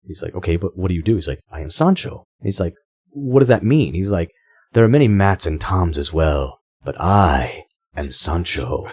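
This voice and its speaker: A man's voice: low voice, expressive, brisk, dark tone, no echo, studio quality. A man co-hosting a podcast, talking casually, swearing freely and often restarting his sentences. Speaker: podcast co-host.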